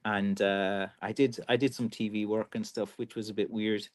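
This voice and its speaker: This Kerry-accented man from Ireland has a lowish, steady voice and moderate pace. He runs a live stream, chatting loosely and reading viewer comments aloud, full of rambling restarts and fillers.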